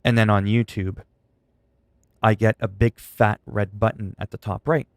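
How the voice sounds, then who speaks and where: A man's voice: on the low side, flat delivery, measured pace, no room sound. A man livestreaming from his computer, venting in a frustrated, sarcastic way during casual stream chat.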